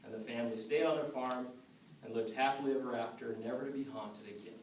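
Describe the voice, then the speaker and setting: A man telling a folk tale aloud in an animated way, with spoken sound effects, recorded from a distance in a roomy space. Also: medium pitch, fast, heavy background noise. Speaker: storyteller. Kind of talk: oral storytelling.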